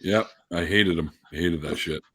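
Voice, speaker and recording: A man's voice: deep voice, normal speed, bright, forceful tone. A man with a Canadian accent chatting casually on a stream, laid-back, swearing and laughing often. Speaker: streamer, channel host. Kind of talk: casual chat. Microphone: desk mic he keeps bumping.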